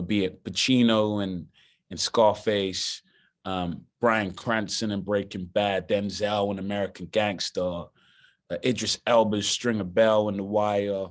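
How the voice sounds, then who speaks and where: Laid-back London man telling stories. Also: lowish voice. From Britain. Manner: animated, laughing storyteller. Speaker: actor guest. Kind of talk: casual storytelling interview.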